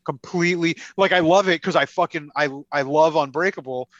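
A man's voice: on the high side, fairly quick, a bit bright, dry recording, highs cut off. A man in casual podcast chat, ranting heatedly and swearing often as he picks apart a film. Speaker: podcast co-host.

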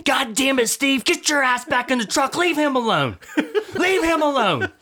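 A man's voice: big pitch swings, normal speed, a little hiss or hum, exaggerated voice. A man doing a cussing, furious older lady. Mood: angry scolding. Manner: yelling, high-pitched scolding.

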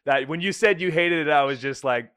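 A man hosting a podcast, telling a story in casual chat, animated and swearing freely, acting out the people he quotes. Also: a little high, a little fast, clean tone, no room sound, studio quality. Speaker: podcast host.

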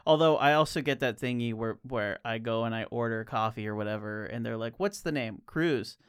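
A man's voice: mid-range voice, brisk, clear, resonant tone. A man co-hosting a casual podcast, telling wry stories and quoting the people in them. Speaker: podcast co-host.

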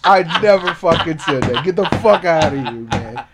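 A man with a fairly high voice co-hosts a podcast in casual chat. He jokes, swears freely and goofs around with his partner. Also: animated, normal speed, loud music behind the voice. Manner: joking, profane, goofing around. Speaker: podcast co-host.

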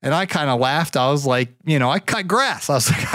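Reflective, rambling man with a higher voice. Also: lively intonation, fairly quick, a bit bright, no room sound, clean studio sound. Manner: rambling, full of fillers and restarts; reflective, grateful. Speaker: podcast host. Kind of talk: casual storytelling monologue.

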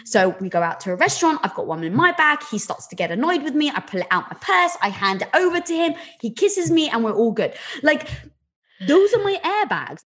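A woman, a podcast guest, telling candid personal stories in an animated, swearing, often laughing way. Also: high voice, a little fast. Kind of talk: candid conversational storytelling.

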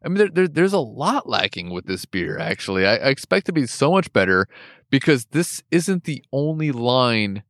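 A man's voice: mid-range voice, moderate pace, dry recording, clean studio sound. A man co-hosting a casual podcast, reviewing a beer with frequent laughter and swearing. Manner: laughs often, profane, animated. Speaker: podcast co-host.

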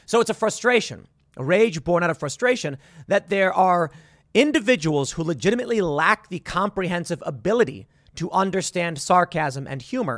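A man's voice: a little high, dry recording, clean studio sound. A man in his thirties hosting a commentary show, talking in a sarcastic, exasperated, rambling way with frequent restarts. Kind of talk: opinion commentary monologue.

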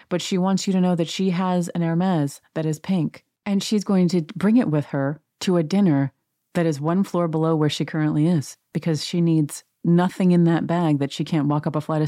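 A woman's voice: low voice, warm tone, no echo, studio quality. A woman host casually recapping a reality show, sarcastic and rambling. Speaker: podcast host.

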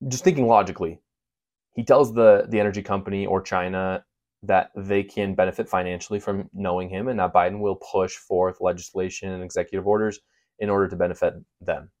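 A man's voice: on the low side, darkish tone. A man giving an emphatic, sarcastic political opinion monologue as the show's commentator.

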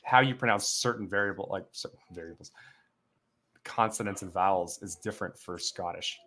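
Low-voiced rambling male podcast co-host. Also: fairly quick, a bit bright. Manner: playful, rambling, restarts sentences. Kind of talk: casual roundtable chat.

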